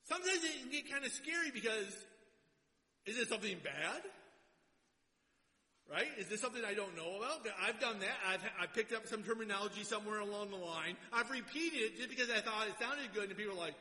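A man's voice: high voice, brisk, sharp tone. A man preaching a sermon in a chatty style, often checking in with the congregation. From Minnesota. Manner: conversational, asks the congregation "right?". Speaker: pastor. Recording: long hall reverb.

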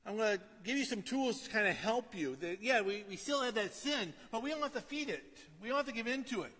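A middle-aged man preaching a sermon in a conversational way, often asking "right?" and dropping to a quiet storytelling tone. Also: high-pitched, expressive, fairly quick, slightly rough, in a large hall. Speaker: pastor.

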